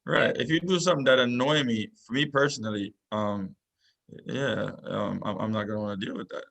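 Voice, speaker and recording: A man of middle pitch talks in a relaxed, conversational way as a guest on a podcast. He builds his points with everyday analogies and often cuts in with "listen.". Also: a little fast, creaky. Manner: laid-back, opens points with "listen", uses analogies. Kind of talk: casual chat.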